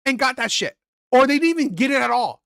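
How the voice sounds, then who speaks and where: A woman's voice: high voice, animated, fast talker, vocal fry, a bit bright, no echo, clean studio sound. A woman hosting a reaction channel, ranting bluntly with profanity and firing off repeated rhetorical questions. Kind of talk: ranting commentary.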